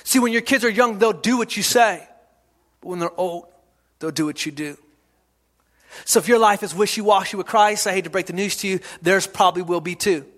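High, bright-voiced man preaching. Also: brisk. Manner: preaching with repetition and sudden shouts. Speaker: pastor. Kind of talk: sermon.

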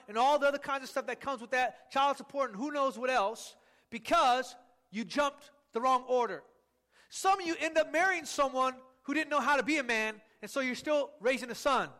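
A man's voice: extremely high pitch, bright, forceful tone. A male pastor preaching a sermon, stretching out words for emphasis and calling on the congregation to repeat after him. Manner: emphatic, drawn-out words for stress.

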